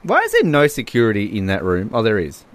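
A man's voice: fairly low pitch, wildly swooping pitch. Podcast co-host, male, jokey casual talk, voice swoops widely. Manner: jokey, quick asides, playful voices. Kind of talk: casual movie watch-along chat.

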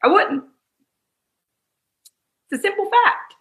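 A woman's voice: extremely high pitch, big pitch swings, slow, a bit bright. A woman giving a motivational online course lesson, talking straight to her listeners and repeating phrases for emphasis. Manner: addresses listeners fondly and directly. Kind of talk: motivational teaching talk. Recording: roomy echo.

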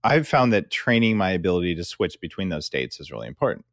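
A man with a very deep voice hosts an interview podcast, casual and direct as he reflects and poses questions. The sound is close and dry, with no room around it. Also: sing-song, fast talker, no room sound. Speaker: podcast host. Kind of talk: conversational interview.

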